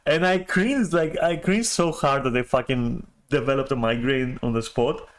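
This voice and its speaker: A man's voice: medium pitch, moderate pace. A man telling a story on a stream in a rambling, profane way, full of restarts and chuckles. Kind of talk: casual storytelling rant.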